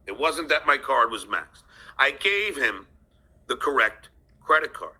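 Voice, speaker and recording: A man rambles through a grievance, stumbling and restarting, then flares into shouted swearing. His voice is bright and edgy. His pitch swoops widely as he talks slowly. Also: very animated, slightly rough. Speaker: storyteller of a personal complaint. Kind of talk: angry rambling personal story.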